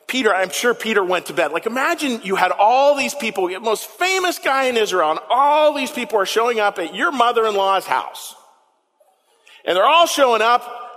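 A man preaching a sermon as pastor, telling the story with animated emphasis and repeating words for effect. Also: a little high, long reverb tail.

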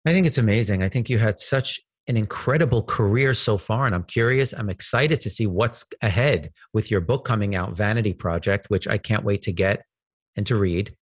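A man's voice: fairly low pitch, normal speed, husky. A man hosting a casual interview, asking eager questions and joking about himself. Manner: eager, chatty, self-deprecating questions. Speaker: interview host.

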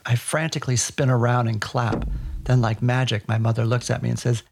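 A man narrating a personal childhood story for a podcast in a wry, deadpan way. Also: mid-range voice, a little fast, creaky.

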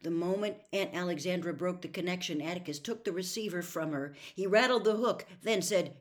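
A woman reading a novel aloud in a slow, measured, hushed storytelling voice. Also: fairly low pitch. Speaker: story reader.

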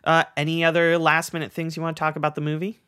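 A man's voice: fairly high pitch, completely flat delivery, quick pace, bright, forceful tone, clear, resonant tone, no echo, studio quality. A man co-hosting a podcast, telling stories in a loose, laughing way with many fillers. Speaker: podcast co-host. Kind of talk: casual chat.

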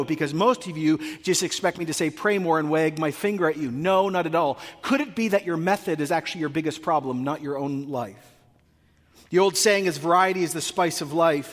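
A male pastor from North America preaching a sermon, acting out comic dialogues in an animated way. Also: a little high, long reverb tail.

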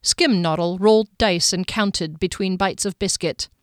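A woman reading a fantasy novel aloud in measured scripted narration, lightly voicing the characters. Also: on the low side, no echo, studio quality. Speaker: audiobook narrator.

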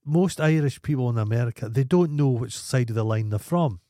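A man's voice: mid-range voice, lively intonation, brisk, mellow, no room sound, clean studio sound. A Scottish man co-hosting a podcast, telling rambling, profane anecdotes in casual chat. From Scotland. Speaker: podcast co-host.

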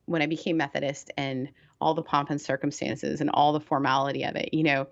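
A woman with a low voice and an accent that blends British, Canadian and Southern US speech, talking candidly about her life as a pastor. She is animated and laughs easily. The recording is dry and slightly dull. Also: a little fast, gravelly, no room sound. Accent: mix of British, Canadian and Southern US. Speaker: United Methodist pastor, guest. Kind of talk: casual conversational interview.

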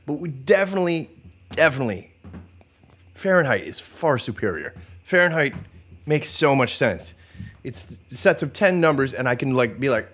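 A man hosting a podcast in a casual, comedic monologue, animated and profane, joking and sometimes trailing into mumbles. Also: mid-range voice.

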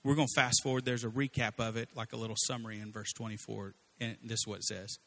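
A man's voice: mid-range voice, fast talker. A man preaching a sermon in a casual, conversational way, acting out quotes as he tells stories. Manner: conversational, animated storytelling with acted-out quotes.

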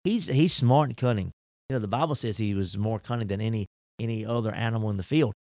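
A man, a pastor talking faith in a casual discussion, folksy and animated, firing off rhetorical questions. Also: lowish voice, fast, no echo, clean studio sound.

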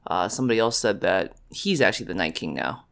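A man's voice: low voice, lively intonation, fast talker, gravelly, fairly bright tone. A man casually talking over a TV show as a podcast co-host, hesitant, with many "uh"s and tag questions. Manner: hesitant, lots of uh and right?. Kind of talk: casual TV recap chat.

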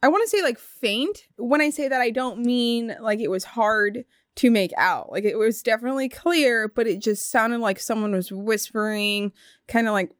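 Woman, guest, casual storytelling, animated, higher voice, dry studio sound. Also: moderate pace, no echo. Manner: animated, laughs often, acts out voices.

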